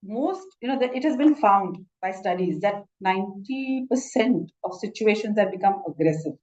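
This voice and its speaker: A woman's voice: medium pitch, animated, normal speed, a little mellow, highs cut off. A woman doctor with an Indian English accent giving an instructive lecture, often saying "you know" and restarting her sentences. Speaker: doctor teaching a masterclass.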